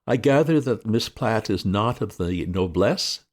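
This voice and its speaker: A man voicing a breezy, flippant young gentleman who chatters excitably. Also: fairly low pitch, a little slow, voice pushed up.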